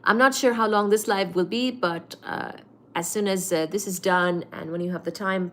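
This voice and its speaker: A woman's voice: mid-range voice, a bit bright. A woman hosting a late-night livestream, chatting and greeting viewers by name before explaining cosmology with many fillers. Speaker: livestream host teaching physics.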